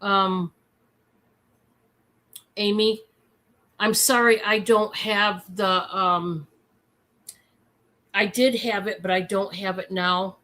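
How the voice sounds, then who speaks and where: A woman hosting a casual live-stream sale, chatty and excitable, with many fillers. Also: mid-range voice, slow pace, pauses often.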